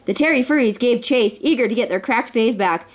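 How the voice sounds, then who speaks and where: A woman reading a children's story aloud to her kids in an expressive way. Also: on the high side, a little fast, slight background noise.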